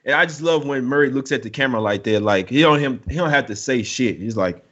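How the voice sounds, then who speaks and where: A man's voice: expressive, fast, fairly bright tone. A man hosting casual basketball chat, heated and slangy. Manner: heated, slangy, keeps saying bro. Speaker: sports show host. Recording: muffled low-fidelity audio.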